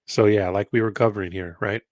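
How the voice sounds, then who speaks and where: A congested man with a nasal tone and a fairly low voice talks casually and reads passages aloud. His sound is dry and close, with no room echo. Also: little pitch movement, unhurried. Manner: conversational, musing asides between read passages. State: congested from allergies. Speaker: host of a history-mystery channel. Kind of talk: casual commentary and reading aloud.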